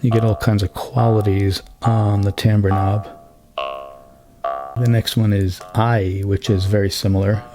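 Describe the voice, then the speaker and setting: A man casually explaining synthesizer settings step by step, in a relaxed hands-on demonstration. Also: fairly low pitch, measured pace, music in the background. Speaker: synth tutorial host. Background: synthesizer sounds playing.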